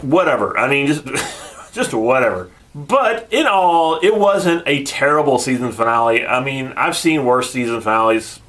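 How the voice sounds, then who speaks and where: A man's voice: mid-range voice, lively intonation, moderate pace, fairly bright tone. A man hosting a casual video review, sarcastic and laughing often as he retells scenes. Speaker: channel host reviewing a TV episode.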